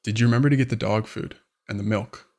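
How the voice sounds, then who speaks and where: A man's voice: lowish voice, fairly even intonation, fast, a little mellow, lightly acted. A man quoting a dismissive, unimpressed wife. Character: annoyed wife, adult woman, unimpressed.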